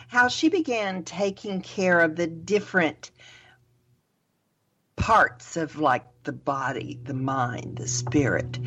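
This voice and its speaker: A woman with a notably low voice speaks as a coach on a radio talk show. She encourages the host and keeps backing her up with short affirmations. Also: a bit bright. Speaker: divorce recovery coach, radio guest. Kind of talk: radio interview.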